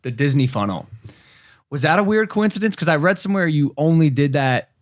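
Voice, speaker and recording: A man's voice: a little high, lively intonation, brisk. A man hosting a podcast in casual chat, blunt and laughing, swearing freely. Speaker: podcast host.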